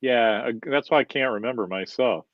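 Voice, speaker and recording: A man's voice: mid-range voice, normal speed, no room sound, muffled recording. A man co-hosting a podcast in casual chat, joking and teasing his co-host.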